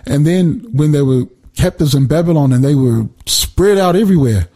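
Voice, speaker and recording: A man explaining Bible passages in a relaxed conversation, animated and emphatic, often repeating words as he builds his point. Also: fairly high pitch, moderate pace, breathy edge. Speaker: Bible teacher.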